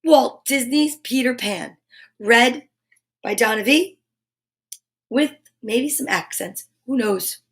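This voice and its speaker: A fairly high-pitched woman reads a children's picture book aloud as host of a kids' story time. She breaks off often for cheerful, chatty asides to her young listeners, then goes back to the page. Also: takes it slowly, long pauses, fairly bright tone. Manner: enthusiastic, chatty asides between read passages.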